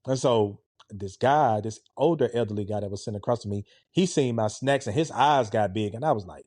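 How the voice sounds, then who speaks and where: A man in his forties casually telling a story in an animated, conversational way. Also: mid-range voice, a little fast, dry recording, clean studio sound. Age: 40s. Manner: animated, conversational, with a laid-back, relaxed tone.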